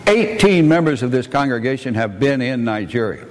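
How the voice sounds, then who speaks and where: A man's voice: mid-range voice, animated, normal speed. A man preacher and missionary telling stories in a plainspoken sermon to his congregation in a church sanctuary. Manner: plainspoken, warm asides to the congregation. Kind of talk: folksy sermon storytelling. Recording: long church reverb, faint noise.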